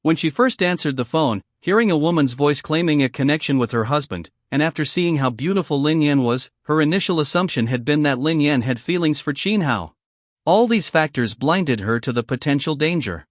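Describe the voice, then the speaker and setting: A man with a slightly high, lively voice narrates a story recap, voicing every character's lines without changing his voice. The recording is dry and close, with no room sound. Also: moderate pace, no room sound.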